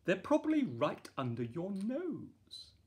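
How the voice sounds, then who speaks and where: A man voicing a bossy, brisk queen mother in a storybook, scolding loudly. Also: high-pitched, wildly swooping pitch, slightly rough, pitched above the performer's own voice, full character voice.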